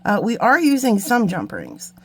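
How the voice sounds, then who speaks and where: A woman's voice: fairly high pitch, huge pitch swings, moderate pace, husky. A woman hosting a beading tutorial, chatting casually and mocking herself while she works, with muttered asides to the viewers. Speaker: beading channel host. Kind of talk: casual craft tutorial chat.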